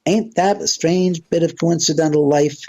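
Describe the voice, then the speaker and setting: A middle-aged Southern California man, a guest on a radio interview, tells long, rambling stories in a casual way and acts out the dialogue he quotes. His voice is a little high and mellow with fairly even intonation at normal speed, and the recording quality is low.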